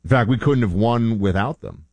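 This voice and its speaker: A man's voice: fairly low pitch, normal speed, creaky, a little mellow, no echo. A man hosting a show, talking in a rambling, chatty way and often correcting himself. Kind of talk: casual monologue.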